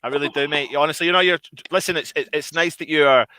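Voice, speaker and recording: A man from Scotland chats on a fan livestream, voice bright and forward. He talks effusively, stumbling over repeated words and restarting his sentences. The sound is dry and close. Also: fairly high pitch, quick pace, dry recording. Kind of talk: casual chat.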